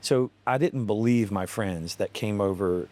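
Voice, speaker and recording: A low-voiced man with a Southern US accent hosting a relaxed podcast. He is chatty and easygoing, trading stories and asking follow-up questions. His pace stays unhurried and conversational. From North Carolina, US. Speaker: podcast host. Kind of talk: casual interview.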